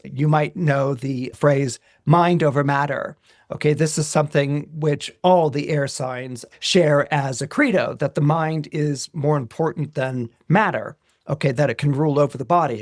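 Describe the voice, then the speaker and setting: A man, an astrologer, explaining horoscopes to listeners in a deliberate way. He keeps checking in with "okay?" and slows down on the phrases he wants to stress. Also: a little high, no room sound, clean studio sound.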